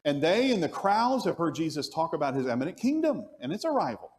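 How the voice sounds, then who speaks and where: A man's voice: on the high side, a little fast. Guy teaching bible class at church, voice bouncing all over, long hall echo. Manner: animated, asks the class questions.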